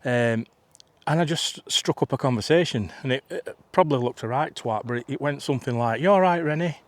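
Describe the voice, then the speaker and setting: Out in a field, a vlogger in his 50s rambles through a chatty story, restarting himself and drifting into asides. His voice is mid-range and fairly quick, with no room sound in the recording.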